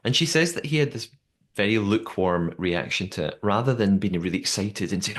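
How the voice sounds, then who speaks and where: A man hosting a podcast, telling a story in a lively, casual recap. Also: lowish voice, a little fast. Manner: animated storytelling recap, quoting people as he goes. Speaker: podcast host.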